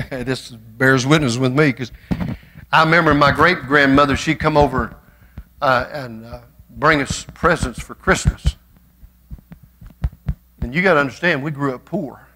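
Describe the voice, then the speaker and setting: A man preaching a church sermon, swinging from folksy storytelling to passionate shouting. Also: medium pitch, slight background noise. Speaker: pastor.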